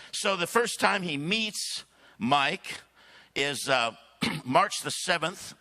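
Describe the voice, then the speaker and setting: A man tells a long church story, his fairly high voice leaping up and down with animation. His tone is bright and forceful, and he keeps stopping to clear his throat between anecdotes. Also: animated, slow pace. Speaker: guest speaker. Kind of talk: sermon storytelling.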